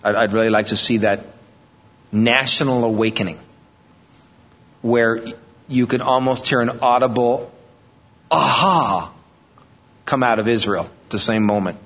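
A male pastor preaching a sermon, animated and conversational, mixing emphatic passages with joking asides. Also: mid-range voice, normal speed, long pauses. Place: church sanctuary. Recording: dull, lo-fi audio with long reverb in a large hall.

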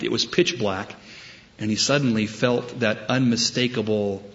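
Slow-paced male preacher, lo-fi. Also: medium pitch, a bit bright. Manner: storytelling, wry humor, deliberate emphasis. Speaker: pastor. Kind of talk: sermon.

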